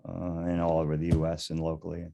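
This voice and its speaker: A man's voice: extremely low pitch, completely flat delivery, quick pace, gravelly, dark tone. An older man, a beekeeper and interview guest, telling stories casually in a rambling way, chuckling now and then and often restarting his sentences. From United States.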